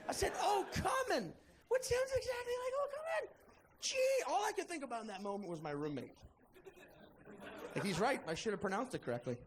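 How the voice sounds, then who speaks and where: Animated high-voiced male stand-up comic. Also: quick pace, a little hiss or hum. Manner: animated storytelling, acts out characters, shouts punchlines. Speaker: stand-up comedian. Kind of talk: stand-up comedy routine.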